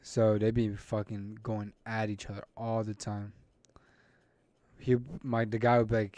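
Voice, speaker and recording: A young man co-hosting a casual podcast, relaxed and slangy, telling a story about coworkers. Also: on the low side, normal speed, no echo. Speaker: podcast co-host.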